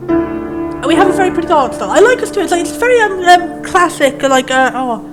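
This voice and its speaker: A woman hosting a casual game playthrough, chatting in a rambling way and reading the game's text aloud in a lower, solemn tone. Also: animated, a little fast, over music. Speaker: let's play host. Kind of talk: casual gameplay commentary.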